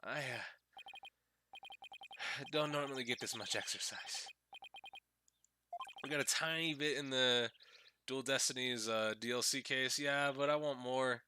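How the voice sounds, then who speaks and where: A man's voice: mid-range voice, unhurried, long pauses, smooth. A male streamer making crude, joking asides while he plays a game. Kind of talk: casual game commentary. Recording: loud game music behind.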